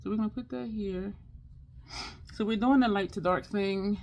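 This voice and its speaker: A woman hosts a casual makeup tutorial, talking straight to her viewers. Her voice carries a noticeable fry and a gravelly edge at a middling pitch. She keeps things chatty, upbeat and affirming throughout. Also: normal speed, a little mellow. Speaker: makeup channel host.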